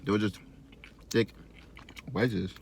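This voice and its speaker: A young man with a fairly low voice tells a food story in a casual vlog, joking and acting out both sides of an argument. He records at a fast food restaurant with a close camera mic, and a faint background hum sits behind him. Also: fairly even intonation, creaky. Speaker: vlogger.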